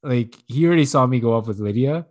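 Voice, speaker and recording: A man chatting casually on a podcast, telling a long, rambling, profane story, laughing often and acting out quotes in a higher voice. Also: fast talker, a little mellow.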